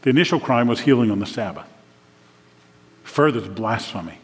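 A man's voice: medium pitch, expressive, a little fast, pauses often. A man preaching a sermon as pastor, chatty and loose at times, then building to emphatic declarations. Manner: conversational, shifts to emphatic declarations. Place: church sanctuary. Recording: long reverb of a church hall.

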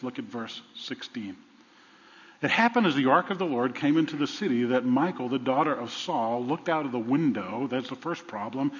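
A man preaching a sermon, animated, swinging between loud bursts and hushed asides. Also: mid-range voice. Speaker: pastor. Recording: dull sound with long reverb.

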